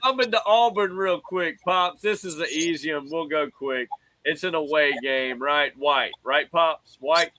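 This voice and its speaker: A man hosting a casual sports talk show, animated and preachy, calling on his co-hosts. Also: a little high, a little slow, dry recording, low-quality recording. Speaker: host.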